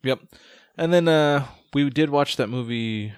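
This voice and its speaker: A man's voice: mid-range voice, unhurried, smooth, no room sound. Dry-voiced man chatting, stammering restarts. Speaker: podcast co-host. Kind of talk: casual chat.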